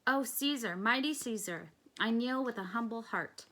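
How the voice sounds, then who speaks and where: A woman's voice: a little high, lively intonation, normal speed, a bit bright. A woman reading the part of a humble male Roman senator who begs on his knees. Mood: begging. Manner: humble, begging.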